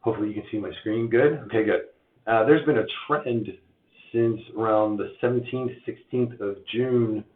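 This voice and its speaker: A man with a hoarse voice from losing it, giving a chatty live-stream update on mortgage rates, full of uhs and restarts. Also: lowish voice, normal speed. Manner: chatty, filler-heavy, many uhs and restarts. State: hoarse, lost voice. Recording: tinny phone-like sound in an echoey room.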